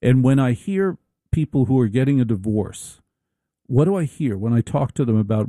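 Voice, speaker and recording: A middle-aged man delivering a wry, rambling comedic monologue, full of halting restarts. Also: medium pitch, warm tone, dry recording.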